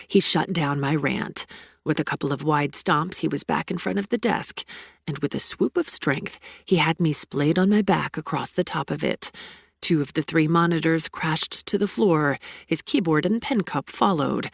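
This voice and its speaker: A woman narrating a first-person romance audiobook in an expressive, breathless storytelling manner. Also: sits low, moderate pace, gravelly, slightly rough, no room sound, clean studio sound.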